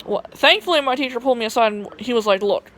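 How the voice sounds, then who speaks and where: A woman's voice: a little high, very fast, fairly bright tone. A young woman with a Southern twang vlogs into her phone camera in a casual storytelling voice. Her talk rambles, full of cursing, "like" fillers and restarts. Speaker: vlogger.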